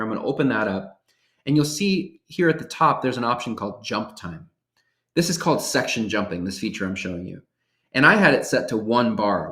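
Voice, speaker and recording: A man presenting a workshop, walking through software features step by step in an upbeat, casual way. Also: medium pitch, reverberant. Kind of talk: software tutorial demonstration.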